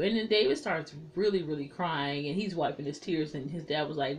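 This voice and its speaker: A woman's voice: low-pitched, a little fast, hardly any pauses, a little hiss or hum. A woman casually reviewing a TV episode, retelling scenes candidly and with plenty of swearing. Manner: candid and profane, paraphrases scenes with quoted lines. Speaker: TV show reviewer.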